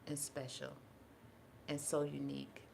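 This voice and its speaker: A woman's voice: a bass voice, completely flat delivery, a little fast, vocal fry, darkish tone, slight background noise. A woman guest on a podcast, telling personal stories in casual conversation and acting out the people in them. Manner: earnest storyteller, acts out quoted voices. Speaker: podcast guest, holistic health practitioner.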